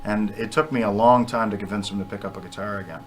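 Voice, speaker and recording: A man's voice: lowish voice, quick pace. A man guest on a radio show, telling stories in a chatty, self-deprecating way and laughing often. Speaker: band member guest. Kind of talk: casual radio interview storytelling.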